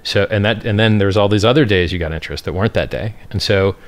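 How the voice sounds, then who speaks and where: A man's voice: lowish voice, quick pace. A man, a crypto project founder, giving brash, boastful and scornful answers in an interview.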